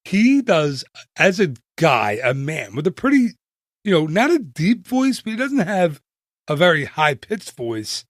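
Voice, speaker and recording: A man hosting a podcast, chatting in an enthusiastic, casual way with quick asides. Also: on the high side, sing-song, no echo, studio quality. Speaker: podcast host. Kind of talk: casual solo podcast chat.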